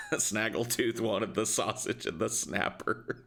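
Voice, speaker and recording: Low-voiced man telling a crude story. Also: slow, vocal fry, pushed and bright. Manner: profane, rambling, laughs often. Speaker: podcast co-host. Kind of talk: casual storytelling.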